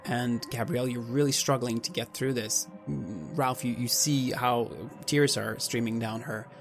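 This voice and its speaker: Gravelly man narrating a game. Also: mid-range voice, steady tone, soft background music. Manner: measured, describing scenes to players. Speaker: game master. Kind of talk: narrating a tabletop horror game.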